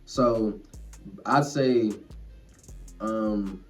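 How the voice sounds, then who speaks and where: A man's voice: fairly low pitch, drawn-out words. A young man ranting casually and earnestly to camera, rambling and swearing as he reflects on himself. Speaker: vlogger. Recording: distant mic, faint music behind.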